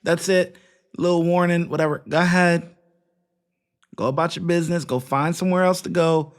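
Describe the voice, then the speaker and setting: A man's voice: a little high, steady tone, moderate pace. A man hosting a reaction commentary, opinionated and scolding, mocking the people he watches. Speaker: commentary host.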